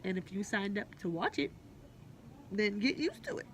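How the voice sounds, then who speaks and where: Very animated at a moderate pace, a woman in her late twenties speaks with a medium-pitched voice. She vlogs candidly from her hospital room, blunt and swearing freely, with faint hospital noise in the background.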